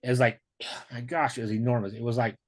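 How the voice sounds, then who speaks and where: A man casually telling a long personal story on a video call, rambling with many restarts and getting animated when he quotes himself. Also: medium pitch, brisk. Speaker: guest sharing a near-death experience.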